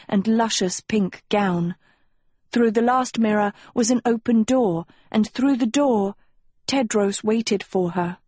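Woman narrator, audiobook, slow, husky, dry close sound. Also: mid-range voice, mellow, dry recording. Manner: slow, measured storytelling. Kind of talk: scripted narration.

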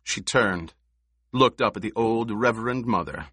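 A man narrating an audiobook in a measured, expressive reading. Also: lowish voice, husky, no room sound, studio quality. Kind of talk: scripted narration.

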